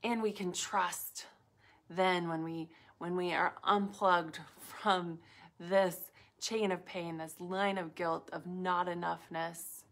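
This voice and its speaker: A woman wellness speaker addresses viewers in a live talk on inner calm, her voice fairly low. She uses soft, reflective phrases full of "like" and pauses, at times dropping to a whisper.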